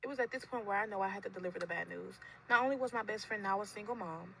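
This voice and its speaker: A woman's voice: medium pitch, rapid-fire, creaky, slight background noise, poor audio. A woman telling a dramatic personal story in a storytime video, acting out the quoted lines of the people in it. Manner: animated, acts out quoted dialogue.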